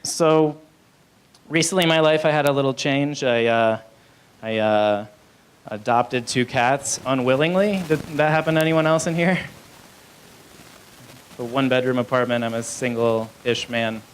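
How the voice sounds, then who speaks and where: A man's voice: mid-range voice, unhurried, long pauses, slight background noise, low-quality recording. A young man doing a live stand-up set in a small club, rambling and self-deprecating, with many fillers. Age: young adult. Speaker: stand-up comedian.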